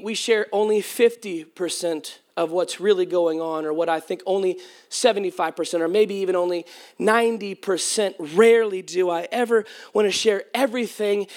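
A man preaching a sermon as pastor, telling humorous stories to his congregation. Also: sits high. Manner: humorous, animated storytelling to a congregation. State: voice cracking at times.

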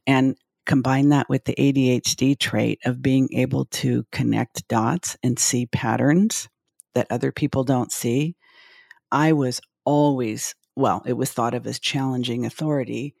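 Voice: mid-range voice, steady tone, a little slow, vocal fry, darkish tone, dry recording, studio quality. A podcast guest who is an entrepreneur, explaining ideas in a confident, self-assured way. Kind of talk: conversational interview answers.

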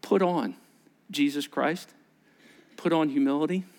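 A middle-aged man preaching a sermon as pastor, telling stories with voiced quotes and dropping to a hushed near-whisper for emphasis. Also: fairly high pitch, measured pace. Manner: animated storytelling with voiced quotes and asides.

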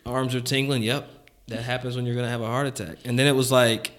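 A man's voice: mid-range voice, flat delivery, quick pace, fairly bright tone. Chuckling man telling a candid story. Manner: candid storytelling, heavy on "like" fillers, chuckling often. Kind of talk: casual chat.

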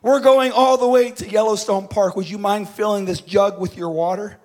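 Male reader as courteous traveling man, polite ask, slightly high pitch. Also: steady tone, normal speed, a little mellow, lightly acted. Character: traveler on a long road trip.

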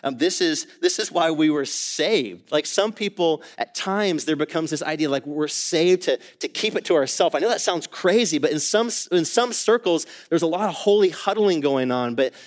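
A man preaching a sermon as pastor in a church, earnest, repeating and restarting phrases, his voice swelling louder and higher at the peaks and dropping quiet between them. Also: expressive, normal speed, few pauses. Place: church sanctuary.

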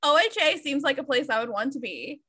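A woman's voice: high-pitched, lively intonation, fairly quick, sharp tone. A young woman co-hosting a podcast, chatting candidly about a book, laughing often and swearing freely. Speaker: podcast co-host. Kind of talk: casual book chat.

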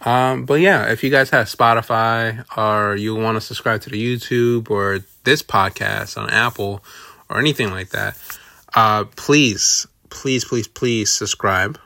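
A man's voice: on the low side, fairly even intonation, measured pace, vocal fry, sharp tone, no echo, studio quality. A man hosting a solo podcast, rambling casually with lots of swearing and self-deprecating asides. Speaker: podcast host.

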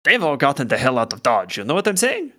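Man game master, casual swearing narrator, bright and animated. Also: mid-range voice, fast talker. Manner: casual, profane, filler-heavy narration.

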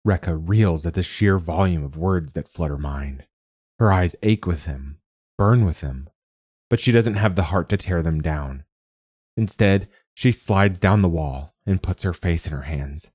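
Deep voiced guy reading a short story, calm and measured, super dry close mic. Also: husky, dry recording. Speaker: host and narrator. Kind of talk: scripted story narration.

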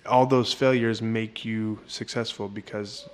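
A man's voice: fairly low pitch, steady tone, unhurried. Rambling man talking jiu-jitsu. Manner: rambling, repetitive, restarts often. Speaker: interview guest, jiu-jitsu coach. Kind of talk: casual interview talk.

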